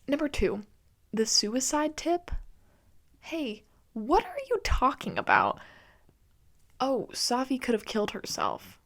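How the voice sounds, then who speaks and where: A woman's voice: a little high, sing-song, moderate pace. A woman hosting a podcast, ranting casually and with disbelief about a video game, laughing often and swearing freely. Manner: incredulous, exasperated, laughs often. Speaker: podcast host.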